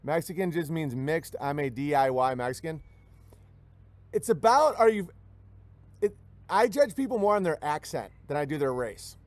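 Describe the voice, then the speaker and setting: A comedian hosting a talk stream rants jokingly and rambles, often slipping into mimicked voices. His voice sits on the high side with lively intonation, a moderate pace, and frequent pauses. The recording has no echo.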